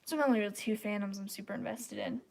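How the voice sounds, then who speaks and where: A woman's voice: medium pitch, rapid-fire, noisy background. A woman hosting a casual live stream, talking in a blunt, opinionated, rambling way. Her throat is stuffed up and congested.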